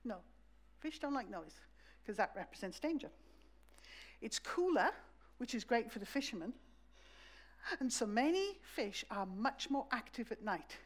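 A woman preaching a sermon in a church, telling the story in a lively way and acting out the voices. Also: a little high, measured pace, long pauses.

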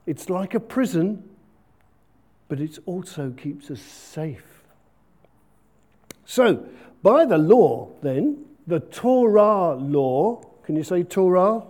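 A man leads an all-age church talk in a slow, unhurried way. His voice sits high and swoops about with lots of lift, and the tone is soft and mellow. He keeps it chatty and playful, throwing questions out to the congregation. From Britain. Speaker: preacher. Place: church hall.

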